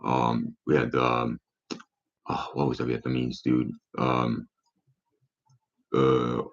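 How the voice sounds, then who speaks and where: A man's voice: rumbling low, completely flat delivery, slow pace, vocal fry, long pauses. A man talking in a profane, rambling monologue full of rhetorical questions, on a dull lo-fi recording.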